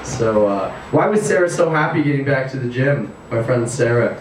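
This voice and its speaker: A man's voice: medium pitch, expressive. A male stand-up comedian talks at a house party, stumbling through his jokes with plenty of "um"s and restarts. He sounds far from the mic, and the room rings with strong echo. A faint hum of noise sits underneath. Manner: rambling, halting delivery with many fillers. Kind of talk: stand-up set.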